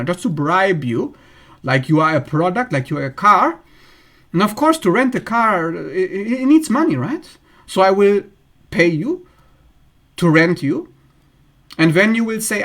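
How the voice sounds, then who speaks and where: A man's voice: fairly high pitch, a bit bright. A man hosting an astrology channel, talking bluntly in a casual monologue and acting out the people he describes in a raised voice.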